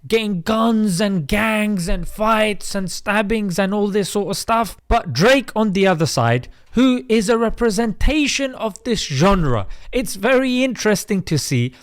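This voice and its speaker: A man's voice: high-pitched, animated, unhurried, hardly any pauses, clean tone, no room sound, clean studio sound. A British man hosting an opinion commentary vlog, preachy and chatty, calling his viewers mate. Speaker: host.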